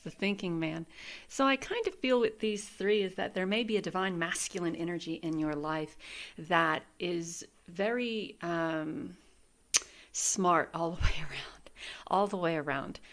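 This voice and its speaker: Woman, 50s, lowish voice, gentle spiritual tarot reader, earnest and emotional. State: welling up with tears. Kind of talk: casual tarot reading to camera.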